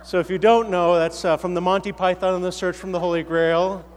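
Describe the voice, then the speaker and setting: A man's voice: sits high, flat delivery, brisk, faint music behind. An American man preaching a sermon in a large hall, conversational and self-deprecating, with frequent restarts. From United States. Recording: echoey hall.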